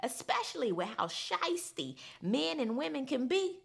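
Casting note: young woman, high-ish voice with plenty of vocal fry, blunt and animated, casual show recap. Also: measured pace. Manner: blunt, animated, swears freely. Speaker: reality TV recap vlogger.

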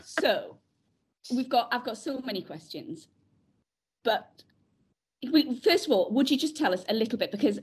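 A woman's voice: on the high side, lively intonation, moderate pace, long pauses, darkish tone, faint music behind. Chatty woman, giggly storyteller. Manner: chatty, giggly, acts out voices in quotes. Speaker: podcast co-host. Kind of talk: casual chat. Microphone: remote call.

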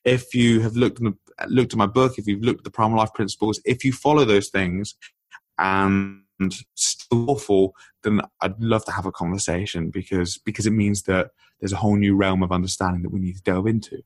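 A man as a podcast guest and author, explaining ideas in an animated, teaching tone. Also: on the low side, moderate pace, dry recording. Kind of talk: explanatory conversational talk.

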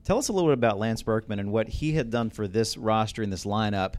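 A man's voice: on the low side, fast, a little mellow. A man hosting an interview at a museum, recapping games in a casual way and then asking his guest questions.

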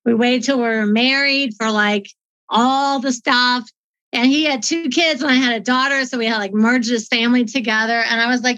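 A woman's voice: on the high side, fairly quick, a bit bright. A middle-aged woman from the United States telling a heartfelt personal faith story in a chatty way, often close to tears. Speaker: guest. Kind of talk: emotional personal testimony. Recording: dull lo-fi audio.

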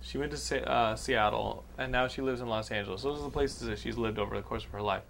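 A man's voice: mid-range voice, steady tone, fast talker, gravelly, fairly bright tone, a little hiss or hum. A man from Texas hosting a podcast, chatting loosely about a movie with many fillers and a profane streak. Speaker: podcast host. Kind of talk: casual chat, movie review.

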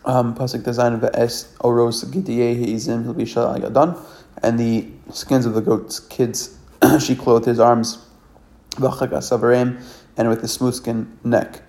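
A man reads scripture aloud and translates it line by line, in a lesson. His voice is gravelly and dark, with a rough fry underneath. He pauses often, corrects himself, and restarts half-finished words. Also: medium pitch, fairly even intonation. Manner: halting, self-correcting reading with many restarts. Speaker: Torah study reader. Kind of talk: reading and translating scripture verse by verse.

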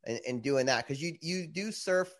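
A man's voice: on the high side, lively intonation, normal speed. A man hosting a podcast, talking in an easygoing, rambling, hesitant way. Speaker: podcast host. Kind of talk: casual podcast chat.

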